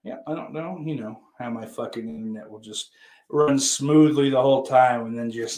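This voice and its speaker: Young male streamer, casual and foul-mouthed, rambles while teasing his chat; average pitch. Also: normal speed, a little mellow. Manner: profane, rambling, teasing viewers. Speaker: livestream host reading chat.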